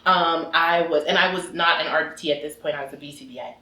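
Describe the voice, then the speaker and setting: A woman working as a behavior analyst, telling stories in an earnest, animated way during a casual conversation. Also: deep voice, fast. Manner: animated, earnest, faith-filled storyteller. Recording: roomy echoey room.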